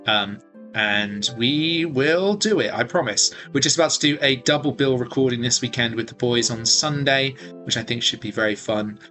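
A man narrating as game master and hosting the podcast, an animated storyteller who acts out sound effects. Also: medium pitch, normal speed, soft background music.

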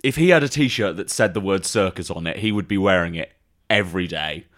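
A man's voice: sits low, a little fast, fairly bright tone. A man playing in a tabletop game, joking and chatting casually. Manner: giggly, joking. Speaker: player.

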